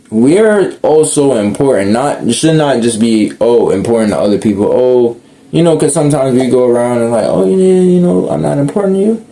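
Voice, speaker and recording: A man's voice: medium pitch, warm tone. A young man talking casually and earnestly outdoors, rambling and correcting himself as he goes. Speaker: speaker sharing reflections. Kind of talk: casual unscripted monologue.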